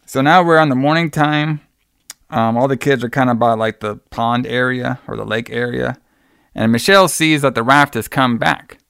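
Gravelly-voiced man animatedly recapping a movie. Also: mid-range voice, normal speed, no room sound, clean studio sound. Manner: animated storyteller acting out quotes, laughing often. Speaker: podcast co-host recapping a horror movie. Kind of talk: casual chat.

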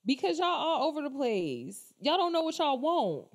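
A woman's voice: high-pitched, big pitch swings, moderate pace. A woman talking casually into her camera in a rambling, exasperated opinion rant, swearing often and calling her viewers y'all. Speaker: commentator.

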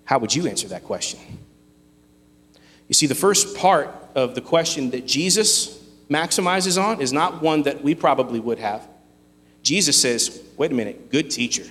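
A man preaching a sermon, earnest and emphatic, with dramatic pauses. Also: a little high, expressive, a bit bright, long reverb tail. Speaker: pastor.

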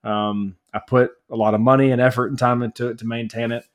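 A man from the United States co-hosting a podcast, telling long rambling stories, often laughing and growing animated as he rants. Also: medium pitch, quick pace. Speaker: podcast co-host. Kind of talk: casual chat.

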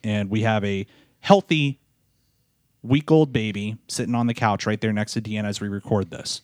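A tired man, a podcast co-host and new father, tells a personal story in a halting way, often repeating words and starting over. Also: fairly low pitch, darkish tone, dry recording, clean studio sound.

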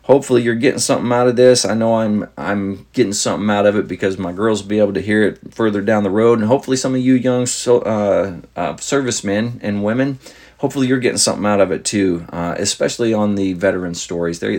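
A man with a deep, low-set voice and a husky, slightly rough edge tells a long anecdote in a relaxed, meandering way. He strings his story together with many fillers and restarts, in the tone of a casual host chatting with listeners. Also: fast talker. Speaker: podcast host.

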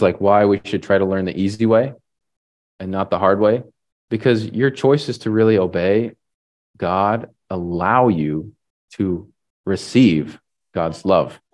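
A man preaching a sermon in a relaxed, conversational way, often tagging on "right?" and pausing with fillers. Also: on the low side. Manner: halting restarts and fillers. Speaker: pastor.

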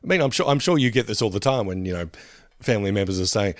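A man's voice: lowish voice, expressive, fast talker, no echo, studio quality. A man co-hosting a podcast in casual chat, chuckling and riffing on jokes. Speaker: podcast co-host.

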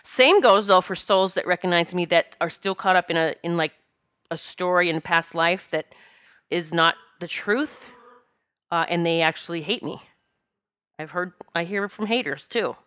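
A woman's voice: on the low side, moderate pace, a bit bright, clean tone, no room sound, studio quality. A woman, a spiritual teacher and medium, telling a personal story earnestly and emotionally, often stopping and restarting her sentences.

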